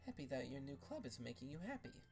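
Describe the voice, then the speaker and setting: A woman voicing a soft-spoken, caring teenage girl who gently draws out her friend in a read-aloud fan story. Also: very deep voice, sing-song, fast talker, gravelly, faint music behind, full character voice. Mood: gentle.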